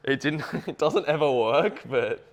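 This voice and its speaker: A man's voice: fairly high pitch, animated, measured pace, heavy background noise. A young Australian man chatting casually as an interview guest, laid-back, laughing often and swearing freely. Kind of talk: casual chat.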